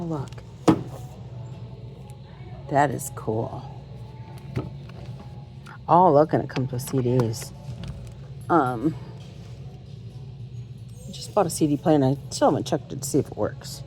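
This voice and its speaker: A woman's voice: deep voice, warm tone, slight background noise. A woman vlogging as she browses a thrift store, telling a rambling story with many ums and restarts, filming on a handheld phone.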